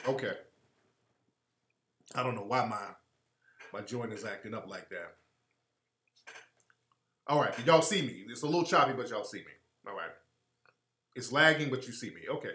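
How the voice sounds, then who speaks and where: A man's voice: fairly low pitch, animated, a little fast, long pauses, a bit bright, echoey room. A man hosting a live stream, giving heated, preachy commentary and repeating his points for emphasis.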